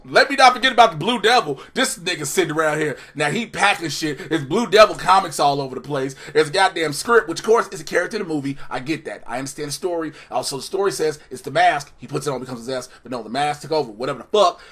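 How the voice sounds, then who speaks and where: A young man reviewing a TV show in a fired-up, profane rant. His voice is high and bright, and it swoops up and down as he vents. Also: fast talker, few pauses, husky. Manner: animated profane ranting. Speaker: host. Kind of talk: ranting TV review.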